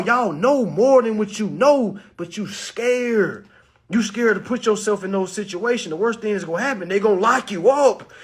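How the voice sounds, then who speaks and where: A young man telling a story to his audience, acting out the quotes with sudden high bursts and laughs. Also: breathy edge. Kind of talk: animated storytelling talk.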